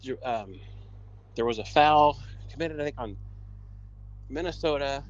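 A man's voice: mid-range voice, a little slow. A man calling in to a sports talk show, reminiscing hesitantly with fillers. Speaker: caller. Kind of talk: phone-in chat. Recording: dull lo-fi audio.

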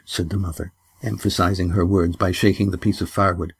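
A man reading an audiobook aloud in a measured, even storytelling manner. His voice is low and slightly husky. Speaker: audiobook narrator. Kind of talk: scripted narration.

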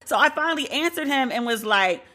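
A woman's voice: high-pitched, brisk. A divorced woman hosting a podcast, telling a candid dating story with lots of swearing and acted-out quotes. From Brooklyn. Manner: animated, profane, acts out quoted dialogue. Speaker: podcast host.

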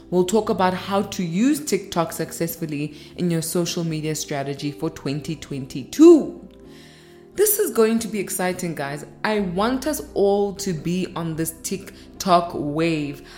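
An upbeat woman in her thirties hosts her own podcast and talks to listeners in a chatty, casual way. Her voice sits a little low for a woman. Soft music plays faintly behind her. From South Africa. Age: 30s. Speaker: podcast host.

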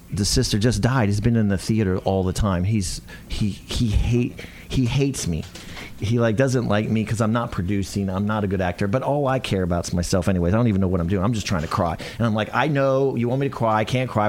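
A man's voice: on the low side, a little mellow. A man on a podcast tells a story in loose, rambling bursts. He mocks himself as he goes and keeps starting sentences over. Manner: rambling, self-mocking, restarts sentences often. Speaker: podcast co-host, actor. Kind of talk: casual storytelling chat.

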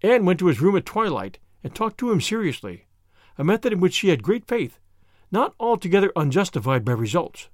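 A man hosting a podcast and narrating a classic novel aloud with lively, expressive reading and voices for each character. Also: sits high, a little fast, no room sound, studio quality. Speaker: audiobook reader and podcast host.

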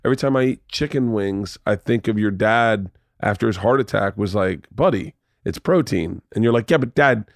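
A man's voice: fairly low pitch, brisk, hardly any pauses, dry recording, clean studio sound. A man hosting a podcast, telling long rambling stories in casual chat and swearing freely. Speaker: podcast host.

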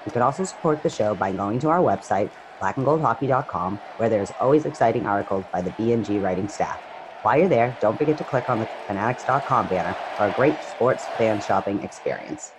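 A man reading a scripted podcast promo in a steady, even delivery. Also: lowish voice, fairly quick, background noise. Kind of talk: read promotional message.

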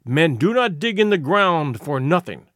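A man's voice: on the high side, very animated, measured pace, a bit bright, dry recording, clean studio sound. A man doing a shrewd village orator. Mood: persuasive. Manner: orating, persuasive. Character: shrewd persuasive village man with a crooked neck.

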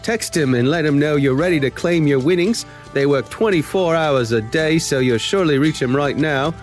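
A man voicing a pushy money-grant scammer in a deliberately bad Australian accent. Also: a little high, faint music behind, lightly acted.

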